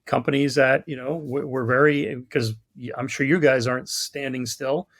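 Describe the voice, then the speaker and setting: This guest on a laid-back podcast is a product marketing lead from New York, and his mid-range voice is steady, moderately paced and a bit bright. Spinning stories and jokes, he leans on cynical humor at his own expense and performs the different voices himself.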